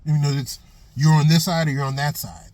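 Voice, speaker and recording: A man's voice: a little high, fairly even intonation, a little fast, a little mellow, no echo. A middle-aged man giving a blunt, profane opinion monologue for his vlog, telling stories and hammering points with repeated phrases. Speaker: vlogger. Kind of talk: casual opinion monologue with storytelling.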